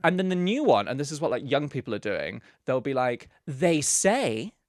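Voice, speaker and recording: A man co-hosting a camp comedy podcast in a studio. He rants theatrically and bursts into laughter while reading letters aloud, his pitch swooping all over the place. The sound is dry and close to the mic. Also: sing-song, fairly quick, no echo. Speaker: podcast co-host.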